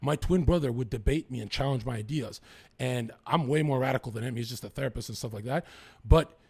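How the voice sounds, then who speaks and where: Young man, rough husky voice, rambling profane podcast storyteller. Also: mid-range voice, fairly quick, a little mellow. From Lower Mainland, British Columbia, Canada. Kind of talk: casual podcast chat.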